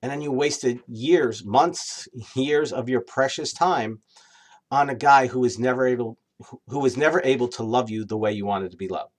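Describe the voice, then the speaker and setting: A man giving dating advice straight to camera, lively and acting out quoted inner voices. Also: mid-range voice, normal speed. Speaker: dating coach. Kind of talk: direct-to-camera advice talk.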